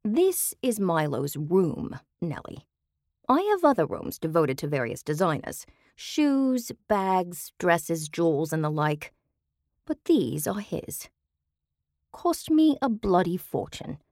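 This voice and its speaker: A woman's voice: on the low side, very animated, takes it slowly, darkish tone, dry recording, studio quality, heavily acted. A woman reading an audiobook, voicing a haughty wealthy dame with put-on British airs, imperious and theatrical. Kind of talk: audiobook character voice.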